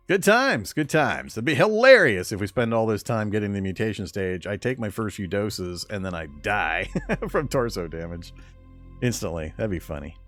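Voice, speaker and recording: A man giving casual, rambling commentary on his survival game run, often chuckling and correcting himself mid-sentence. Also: lowish voice. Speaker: game streamer.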